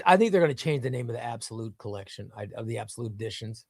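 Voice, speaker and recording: A man's voice: mid-range voice, quick pace, few pauses, no room sound, studio quality. A man hosting a casual live stream, reading viewer chat and rambling, often repeating himself. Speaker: livestream host reading chat.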